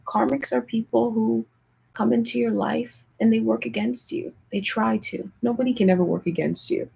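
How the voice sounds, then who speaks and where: A young woman tarot reader chatting casually with viewers in a hushed, half-whispered voice, often calling out to them directly. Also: medium pitch, creaky, husky, poor audio. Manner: chatty, keeps addressing viewers as "you guys". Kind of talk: casual livestream tarot chat.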